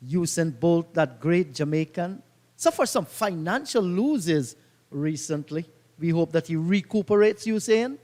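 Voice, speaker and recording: A man's voice: fairly high pitch, lively intonation, a little slow, a little mellow, long reverb tail. A man doing live cricket commentary, telling leisurely reminiscing anecdotes between deliveries.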